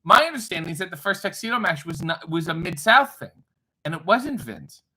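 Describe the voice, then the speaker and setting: A man's voice: sits high, expressive, brisk, sharp tone, slightly rough, low-quality recording. A man hosting a casual livestream, reading viewer comments aloud with irreverent, wry, profane asides. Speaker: livestream host reading chat. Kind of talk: casual live chat.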